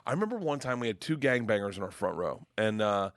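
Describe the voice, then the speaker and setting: A middle-aged male comedian telling wild road stories in casual chat, profane and rowdy, loudly acting out the people in them. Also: lowish voice, very animated, fast talker, no room sound, studio quality. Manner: profane, rowdy storyteller who acts out voices loudly. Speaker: comedian guest.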